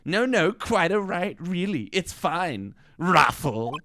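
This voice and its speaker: Game role: a man putting on a smug, loud director, nasal cartoon drawl, swoopy. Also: high-pitched, sing-song, takes it slowly, background noise, voice pushed up, exaggerated voice. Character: smug slangy male film director, lazy and loud.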